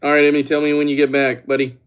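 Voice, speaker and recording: A man's voice: on the high side, monotone, fast, clear, resonant tone. A young man livestreaming, rambling and joking as he talks straight to his chat. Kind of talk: casual livestream chat with viewers.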